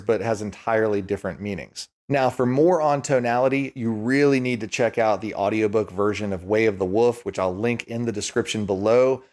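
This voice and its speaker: A man giving a scripted explainer lesson on selling, in a clear, measured teaching voice. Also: medium pitch, darkish tone. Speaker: YouTube educator.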